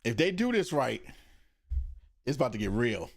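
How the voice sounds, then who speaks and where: A man's voice: mid-range voice, moderate pace, gravelly. A man hosting a podcast, chatting casually and animatedly about shows and movies, often laughing. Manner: animated, laughing, slangy storytelling. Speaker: podcast host. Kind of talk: casual chat.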